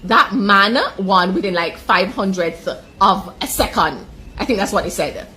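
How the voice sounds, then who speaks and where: A woman from Jamaica giving an emotional, chatty sports reaction full of "like" and quick laughs. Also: mid-range voice, expressive, sharp tone. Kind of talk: casual chat.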